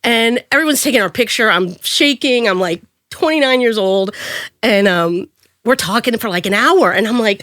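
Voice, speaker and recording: A woman in her thirties tells her career stories as a guest, lively and quick to act out what others said in a higher voice. The sound is close and dry, with no room around it. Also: dry recording. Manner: animated, acts out quotes in a higher voice. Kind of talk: storytelling in an interview.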